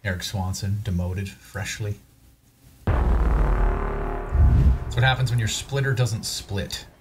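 A man's voice: lowish voice, slow. A man hosting a gaming channel, casually commenting as he opens card packs, with a wry, self-deprecating way of thinking aloud. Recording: voice over loud background music.

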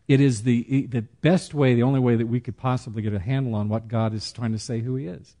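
A man leads a church study class in a relaxed, plain-spoken way. His voice is warm and mellow at a middle pitch. He slows down for emphasis and slips in jokes along the way. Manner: plain-spoken, joking asides, slow emphatic pauses. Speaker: Bible study teacher. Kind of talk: conversational church teaching.

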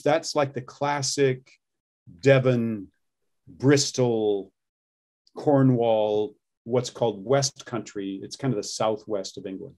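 A man's voice: medium pitch, measured pace, a little mellow. A middle-aged man, an accent coach, explaining and demonstrating accents in a casual interview.

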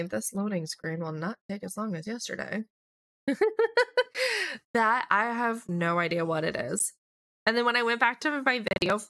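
A young woman hosting a casual let's play, chatting through her game and voicing quick lines for her characters. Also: fairly high pitch, fairly bright tone, no room sound. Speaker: gaming channel host.

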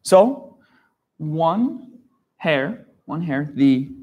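Slow, patient man telling a story. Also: a little high, sing-song, darkish tone, husky. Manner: slow, repeats and spells out words, checks with "okay?". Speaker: storyteller for young learners. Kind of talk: simple storytelling lesson.

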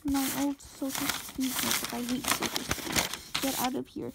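A woman's voice: sits high, level tone, moderate pace, vocal fry, heavy background noise. A young woman vlogger in casual commentary, exclaiming and dropping into whispered asides.

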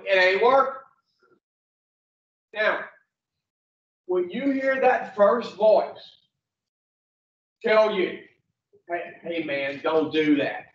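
Blunt, slow man preaching to a room. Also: sits high. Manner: blunt and preachy, asks the room questions, swears. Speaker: speaker addressing rehab patients. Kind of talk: motivational talk to a group. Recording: echoey, distant, dull lo-fi sound.

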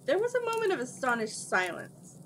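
A woman reading a children's fantasy novel aloud in steady storybook narration. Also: high-pitched, a little fast, a little hiss or hum, poor audio. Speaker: book reader.

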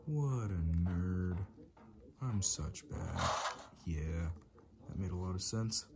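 Slow-talking Irish man narrating his gameplay. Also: low voice. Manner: mutters running instructions to himself while building. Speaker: let's play gamer. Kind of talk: casual gameplay commentary. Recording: steady background noise with keyboard clicks.

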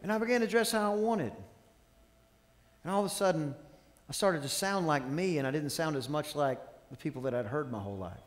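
A pastor preaches to his congregation, his male voice sitting a bit high. He tells stories and acts out the dialogue, then calls on the room to answer him. His words ring out with a long reverb from a large church hall. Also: expressive, a little fast. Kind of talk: sermon. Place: church sanctuary.

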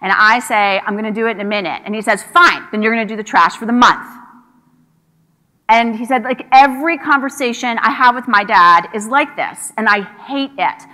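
Bright-voiced woman giving a keynote. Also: a little high, moderate pace. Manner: conversational storytelling with quoted dialogue. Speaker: keynote speaker. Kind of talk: conference keynote speech. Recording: hall reverb from a large venue.

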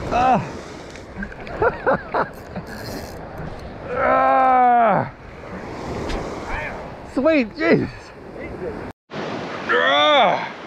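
A man's voice: high voice, gravelly. A man who works as a fishing guide, giving casual vlog commentary on a beach and whooping and hollering as he reels in fish. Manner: excitable, whooping and hollering while reeling in fish. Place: outdoors on an ocean beach. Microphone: chest-mounted action camera. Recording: outdoor action camera with loud surf noise. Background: crashing surf.

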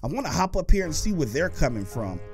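A young man giving excited let's-play commentary while gaming, often shouting and taunting the monsters. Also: fairly high pitch, fast, faint music behind. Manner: animated, shouts and taunts in-game enemies. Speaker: gaming YouTuber.

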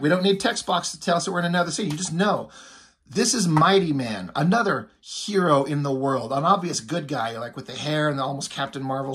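Husky guy rambling thru a comic recap, lotsa ums, voice a bit high. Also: fairly bright tone. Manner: rambling, filler-heavy. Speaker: comic book reviewer.

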